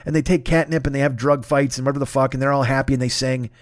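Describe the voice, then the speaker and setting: A man's voice: mid-range voice, fairly even intonation, racing, no room sound, clean studio sound. A man hosting his own podcast, ranting in a profane, sarcastic solo comedic monologue. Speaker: podcast host.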